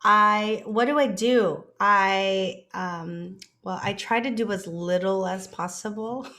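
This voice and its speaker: A woman in her thirties hosting a podcast in casual chat from an office, chatty and relaxed, laughing often. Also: medium pitch, slow. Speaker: podcast host, dentist.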